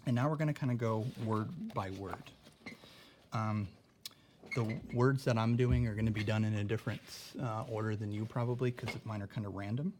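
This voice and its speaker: A man's voice: lowish voice, moderate pace, darkish tone, slight background noise. A young man teaching a recorded spelling lesson, patient and careful, often checking in with "okay?".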